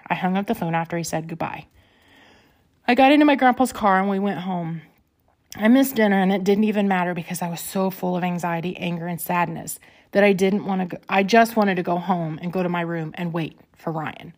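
Earnest woman reading her memoir. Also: on the low side. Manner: earnest, unhurried, emotional retelling. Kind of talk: first-person memoir reading.

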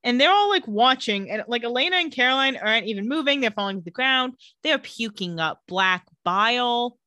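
A woman co-hosting a podcast, recapping a TV episode in casual, animated storytelling that is often broken up by laughter. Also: a little high, a little fast, no echo, clean studio sound.

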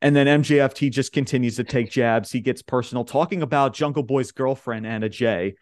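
The host, a young man from Long Island, New York, speaks a little fast in a mid-range voice as he casually runs through wrestling promos, performing the quotes with laughter. It's a dry, studio-quality recording.

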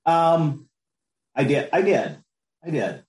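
A man's voice: on the high side, sing-song, takes it slowly, darkish tone. A man co-hosting a casual podcast chat, laid-back and rambling. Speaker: podcast co-host. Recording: roomy echo.

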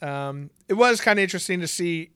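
A man's voice: high-pitched, expressive, brisk, a bit bright, smooth, no room sound, studio quality. A young man co-hosting a podcast in casual chat, laid-back and jokey, laughing often. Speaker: podcast co-host.

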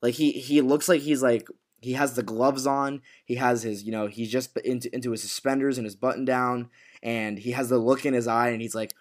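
Excited man recapping a TV episode. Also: medium pitch, a little fast. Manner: animated retelling with acted quotes, swearing. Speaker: podcast co-host. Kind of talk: casual chat recapping a TV episode.

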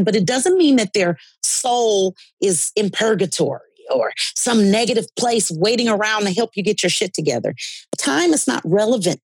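A woman's voice: medium pitch, creaky, husky, no room sound. A woman guest earnestly telling stories and explaining her spiritual beliefs with conviction in a podcast conversation. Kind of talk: storytelling conversation.

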